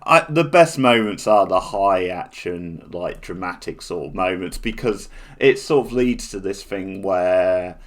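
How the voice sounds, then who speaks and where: Deep-voiced man rambling through a TV review. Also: expressive, a little slow. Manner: rambling, with many restarts and fillers. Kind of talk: casual spoken review.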